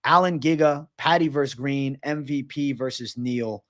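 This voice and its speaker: A man's voice: medium pitch, normal speed. A man hosting a casual fight-sports livestream, reading out chat questions and answering with frequent swearing. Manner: profane, casual, reads chat questions aloud. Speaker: MMA livestream host.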